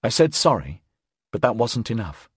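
A man voicing an earnest, determined woman who pleads softly and persuasively, in an audiobook. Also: medium pitch, big pitch swings, moderate pace, husky, no room sound, clean studio sound. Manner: earnest, persuasive, soft-spoken.

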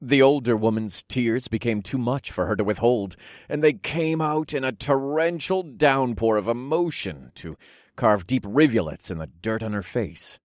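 A man's voice: medium pitch, moderate pace, no room sound, clean studio sound. A man narrating a first-person fantasy story and voicing its characters. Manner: expressive, commanding in dialogue.

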